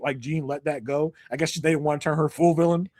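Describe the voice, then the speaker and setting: A man's voice: fairly high pitch, fairly even intonation, quick pace, a little mellow, dry recording. A man chatting casually on a podcast, reviewing a film and acting out characters' lines as he retells scenes.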